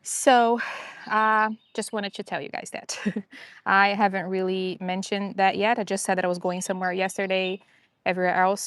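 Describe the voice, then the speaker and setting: A woman's voice: lowish voice, dry recording. A woman chatting casually on a live stream about rescue dogs, rambling and upbeat with lots of fillers.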